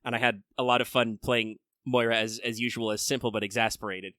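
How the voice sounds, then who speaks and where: A man's voice: mid-range voice, level tone, a little fast, pushed and bright, dry recording. A man co-hosting a podcast in casual chat, thinking aloud with many fillers and restarts. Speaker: podcast co-host.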